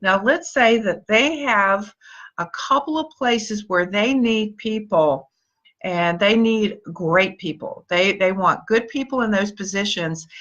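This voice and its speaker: Bright-voiced woman giving an upbeat pep talk. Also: medium pitch, dull audio. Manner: upbeat, encouraging, greets viewers by name. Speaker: motivational speaker and team leader. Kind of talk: live-stream pep talk to viewers.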